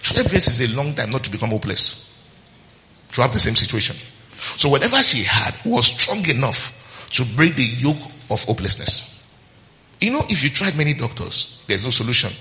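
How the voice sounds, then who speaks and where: A man's voice: mid-range voice, sing-song, moderate pace, sharp tone, big-room sound. A man preaching a sermon as pastor, calling on the congregation to answer and acting out quotes in different voices. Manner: preaching with call-and-response and acted-out quotes.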